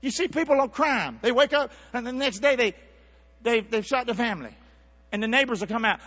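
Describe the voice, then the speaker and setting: A man preaching a sermon, calling out to the congregation and swinging from near-whispers to shouts. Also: extremely high pitch, brisk, in a large hall, dull audio. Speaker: pastor. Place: church sanctuary.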